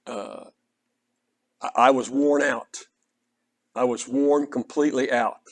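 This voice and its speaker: An older man with an Oklahoma Southern accent, preaching an earnest, conversational sermon that is built around a personal story. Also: medium pitch. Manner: earnest, conversational, quotes others in dialogue.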